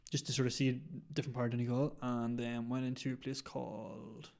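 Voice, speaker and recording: A man's voice: mid-range voice, flat delivery, fast talker, vocal fry, a little mellow. A young man co-hosting a podcast, telling stories with enthusiasm and lots of fillers. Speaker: podcast co-host. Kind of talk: casual chat.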